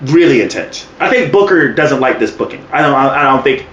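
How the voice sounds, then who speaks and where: Animated, profane man on a podcast. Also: mid-range voice, a little fast, reverberant, lo-fi sound, slight background noise. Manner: animated, profane, acts out quotes with laughs. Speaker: podcast co-host. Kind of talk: casual wrestling review chat.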